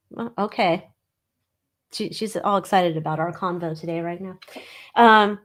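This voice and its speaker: A woman's voice: lowish voice, measured pace, long pauses, a bit bright. Snarky, chatty woman hosting a tarot stream. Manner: snarky, joking, laughs at her own jokes; chatty with many fillers and asides to viewers. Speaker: tarot reader and live stream host. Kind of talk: casual live-stream chat with card readings.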